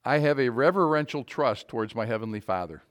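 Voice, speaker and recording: Guy preaching a sermon in church, average pitch, asks the crowd questions, goes loud then soft. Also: animated, brisk. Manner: emphatic, asks the congregation questions; swings from loud to quiet. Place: church before a congregation.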